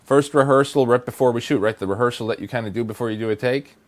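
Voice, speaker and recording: A man's voice: medium pitch, quick pace. A man giving acting advice in a blunt, exasperated rant, hammering points with repetition. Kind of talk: direct-to-camera advice rant.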